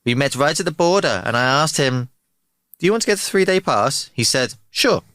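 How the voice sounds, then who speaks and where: A man's voice: medium pitch, animated, brisk, a bit bright, dry recording, studio quality, voice pushed up, close to an everyday voice. A man voicing a cheeky young male German conscript with a put-on German accent. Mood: sly.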